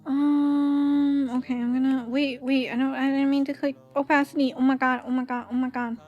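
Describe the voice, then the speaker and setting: A woman's voice: high-pitched, little pitch movement, normal speed, darkish tone, muffled recording, faint music behind. A young woman with a Valley girl accent, chatting casually on stream while drawing, giggly and full of "like" fillers.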